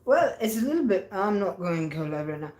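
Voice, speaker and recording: A woman's voice: medium pitch, very animated, normal speed, a little mellow. A woman chatting casually on a livestream, reading viewer comments aloud and answering them playfully. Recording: roomy echo.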